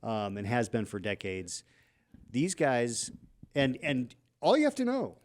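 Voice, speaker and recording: A man co-hosting a podcast in casual political chat, animated and quick in bursts. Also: medium pitch. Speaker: podcast co-host.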